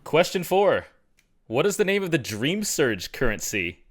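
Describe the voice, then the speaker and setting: A man's voice: a little high, very animated, unhurried, slightly rough. A man hosting a casual podcast trivia quiz, teasing the players. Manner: teasing, upbeat quizmaster. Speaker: quiz host.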